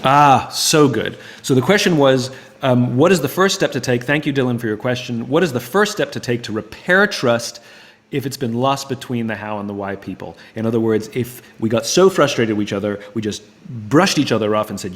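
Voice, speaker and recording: A man hosting a live book club Q&A, with an ordinary middle-range voice. He thinks out loud and often restarts his sentences. He acts out both sides of conversations. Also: medium pitch, brisk. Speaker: host of an online book club. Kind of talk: live Q&A talk to viewers.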